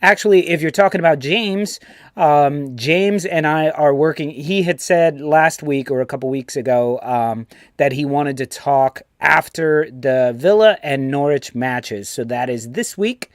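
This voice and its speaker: A man with a New York accent hosting a casual sports fan show, animated and swearing freely. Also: fairly high pitch, unhurried, no echo, studio quality. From United States. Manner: animated, swears freely, puts on voices when quoting. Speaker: host.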